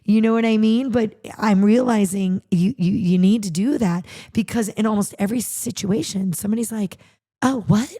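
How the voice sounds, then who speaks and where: A woman's voice: medium pitch, moderate pace, hardly any pauses. A woman hosting a podcast, chatting casually and animatedly, acting out quotes as she tells stories. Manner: animated, storytelling with acted-out quotes. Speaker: podcast host; charity podcast co-host. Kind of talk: casual chat.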